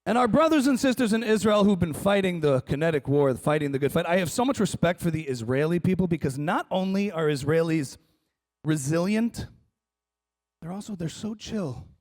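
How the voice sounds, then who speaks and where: A male stand-up comedian works the crowd from a conference stage. He is wry and animated, with a high-pitched voice. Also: normal speed. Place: large conference hall stage.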